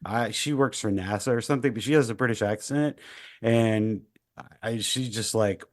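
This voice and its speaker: A man's voice: lowish voice, normal speed. A man co-hosting a podcast, chatting in a rambling, jokey way over a video call. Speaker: podcast co-host. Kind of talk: casual chat.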